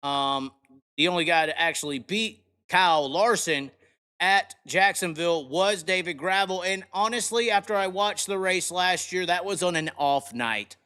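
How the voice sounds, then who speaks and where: Brash, bright-voiced man ranting. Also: high voice, moderate pace, smooth. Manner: brash, profane, excitable rants. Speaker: podcast host. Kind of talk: casual live show commentary.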